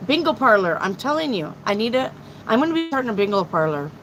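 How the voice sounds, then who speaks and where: A middle-aged woman reading tarot on a live stream, blunt and excitable, swearing freely as she talks to her chat. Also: on the high side, fast talker, low-quality recording. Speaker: tarot reader.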